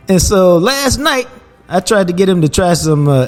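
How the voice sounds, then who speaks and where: Laid-back man spinning a lively story. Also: high voice, moderate pace, soft background music. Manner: laid-back, laughs while telling stories. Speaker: podcast host. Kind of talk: casual storytelling.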